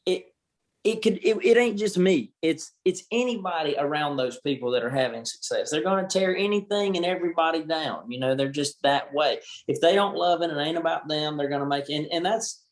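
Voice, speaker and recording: A man with a Southern accent talks frankly as a podcast guest. His voice sits a bit higher than most men's, and he tells his stories with plenty of energy. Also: a little fast. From Georgia, US. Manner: candid, animated storyteller. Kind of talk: casual podcast interview.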